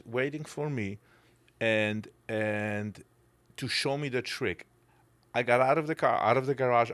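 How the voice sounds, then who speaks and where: A middle-aged man from Poland, Polish by first language and accent, guests on a podcast and spins stories in a casual chat. His voice is mid-range and a bit bright, and his broken English comes out blunt and emotional with some swearing.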